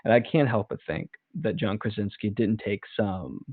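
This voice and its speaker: Young guy rambling excitedly about films, lowish voice, tinny phone-ish sound, real dry. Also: normal speed, breathy edge, no room sound. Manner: rambling, enthusiastic, acts out movie scenes. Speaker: podcast co-host. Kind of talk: casual chat.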